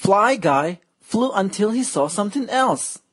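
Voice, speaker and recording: A woman reading a children's picture book aloud in a slow, playful, exaggerated way. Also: mid-range voice, expressive, slightly rough. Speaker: storyteller.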